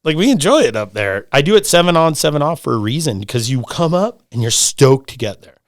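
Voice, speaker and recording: A middle-aged man in casual podcast conversation, talking in an animated, rambling way, swearing freely and repeating himself. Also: a little high, fairly quick, no room sound, studio quality. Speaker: lodge owner, podcast guest.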